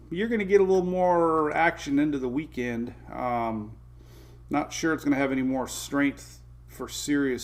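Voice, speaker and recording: A chatty middle-aged man runs a relaxed morning weather show. He greets viewers one by one with an easy, friendly banter, and his speaking voice sits a little higher than most men's. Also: gravelly. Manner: chatty, greets viewers by name, chuckles often. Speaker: weather livestream host. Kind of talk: casual morning weather chat.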